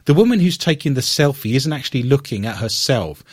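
A podcast host reads odd news stories and breaks into playful, self-mocking banter in joking, casual chat. His medium-pitched voice is brisk with lively intonation, recorded clean in a studio with no room sound.

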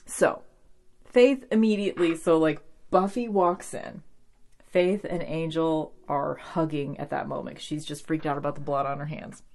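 A woman chatting casually as she recaps a TV episode, animated, with lots of "like" and some swearing. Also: low voice, unhurried, vocal fry.

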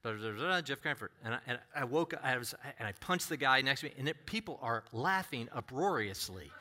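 A middle-aged man preaching, who tells a personal story with animated delivery and acts out other voices. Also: medium pitch, brisk. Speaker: pastor.

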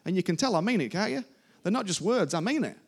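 Man, preacher, sermon, gravelly, emphatic and repetitive, church congregation. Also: sits high, lively intonation, fast. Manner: informal, emphatic, repeats phrases. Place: church service before a congregation.

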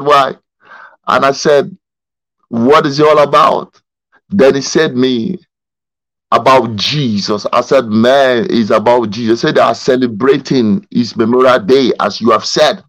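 A male pastor leading a Bible study over a video call, telling a story in an animated way and often stumbling over and repeating his words. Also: medium pitch, dry recording, rough recording.

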